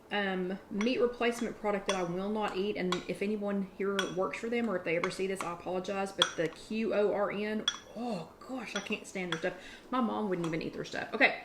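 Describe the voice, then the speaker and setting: Woman, chatty, rambling, live cooking chat, home kitchen, faint noise behind. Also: mid-range voice. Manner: chatty, restarts sentences, eats while talking. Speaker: online workshop host.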